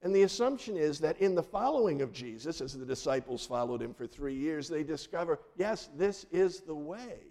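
Mellow-voiced male pastor preaching. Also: a little high, expressive, moderate pace, hardly any pauses. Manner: earnest preaching with dramatic soft drops. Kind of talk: sermon.

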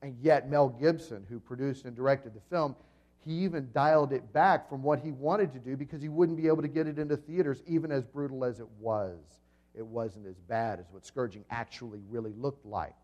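A man's voice: mid-range voice, brisk, darkish tone, dull audio. Man preaching with dramatic storytelling. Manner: dramatic storytelling with swings in volume; asks the congregation questions. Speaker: pastor. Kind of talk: sermon.

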